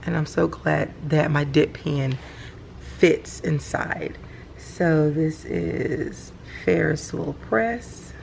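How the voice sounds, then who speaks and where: Low, gravelly woman gushing. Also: extremely slow, a little hiss or hum. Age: middle-aged. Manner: chatty, gushes with excitement. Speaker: planner vlogger. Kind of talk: casual show-and-tell vlog. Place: home at night, indoors.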